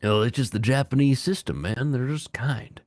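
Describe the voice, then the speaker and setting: A man's voice: mid-range voice, normal speed, a little mellow, no echo, studio quality. A man in his thirties chatting casually as a streamer, rambling and giggly. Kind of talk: casual chat.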